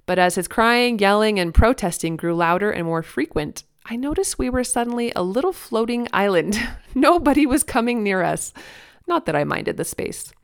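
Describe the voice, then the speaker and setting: A woman in her thirties hosting a parenting podcast, speaking earnestly, laughing softly now and then as she reads her own blog post. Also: medium pitch, expressive, normal speed, clear, resonant tone, dry recording, studio quality. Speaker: podcast host.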